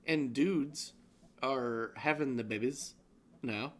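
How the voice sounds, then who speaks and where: A man's voice: medium pitch, takes it slowly, fairly bright tone. A man co-hosting a comedic live-streamed news roundup, rambling and joking, often laughing. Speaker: co-host.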